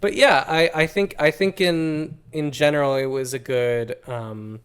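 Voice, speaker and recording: A man co-hosting an album-review podcast with his brothers, talking in a halting way with many ums and restarts. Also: fairly high pitch, fairly even intonation, fairly bright tone, clear, resonant tone. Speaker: podcast co-host. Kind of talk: casual album-review chat.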